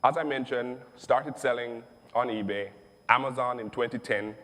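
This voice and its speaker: A man's voice: medium pitch, moderate pace. Emphatic man in echoing room. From Jamaica. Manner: emphatic, animated, repeats phrases. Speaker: online seller telling his story. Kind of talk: testimonial storytelling. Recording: long echoing reverb.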